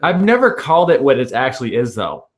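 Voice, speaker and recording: A man's voice: medium pitch, big pitch swings, fairly quick. A young man hosting a podcast in casual, profane, rambling chat, often laughing. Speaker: podcast host.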